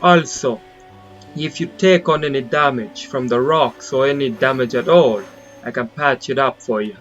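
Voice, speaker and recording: A man's voice: mid-range voice, normal speed, fairly bright tone, natural voice. A brusque female shipwright talks curtly in a put-on Caribbean-style lilt, voiced by a man. The audio is slightly dull, with faint game music underneath.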